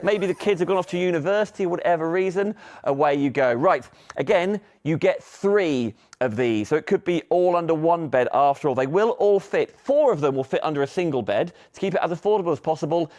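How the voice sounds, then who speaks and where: A middle-aged man hosts a live shopping demonstration. He keeps up a chatty, upbeat sales patter and talks straight to the viewers in a slightly higher voice than most men. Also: expressive, a little fast, a little mellow. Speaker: shopping channel presenter.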